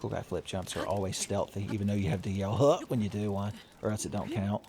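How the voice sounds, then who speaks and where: A man's voice: fairly low pitch, flat delivery, quick pace, a little mellow. Joking gamer man with a drawl. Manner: joking, swearing, frequent laughs. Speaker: gaming video host. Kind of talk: let's play commentary.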